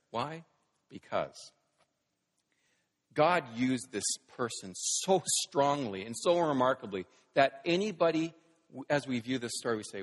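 A man preaching a sermon, dramatic, moving between hushed quiet lines and loud scripture reading. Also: medium pitch. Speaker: pastor. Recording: long reverb of a large hall.

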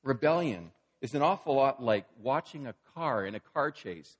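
A man's voice: medium pitch, lively intonation, normal speed, big-room sound, muffled recording. A man preaching a sermon in a casual, storytelling way, acting out the scenes he describes. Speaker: pastor.

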